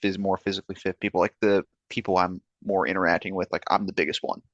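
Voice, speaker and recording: A man's voice: deep voice, little pitch movement, quick pace, dry recording, lo-fi sound. A young man guesting on a podcast, chatting in a laid-back, hesitant way. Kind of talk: casual chat.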